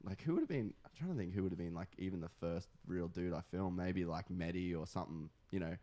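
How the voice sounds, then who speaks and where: A young Australian man with a lowish voice chats loosely on a podcast. He rambles and leans on fillers and swear words. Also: fast talker, warm tone. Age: 20s. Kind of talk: casual podcast chat.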